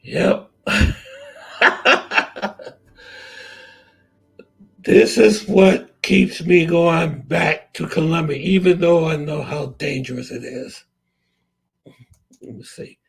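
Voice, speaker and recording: A man's voice: on the high side, slow, gravelly, husky, rough recording. A man hosting a casual livestream, talking straight to his viewers and chat, repeating himself for emphasis. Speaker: vlog host.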